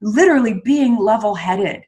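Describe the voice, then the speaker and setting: A middle-aged woman, a communication coach, explaining calmly in an interview and ending her statements on a downward tone. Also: mid-range voice. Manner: measured, explanatory, ends statements with downward inflections. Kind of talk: conversational interview.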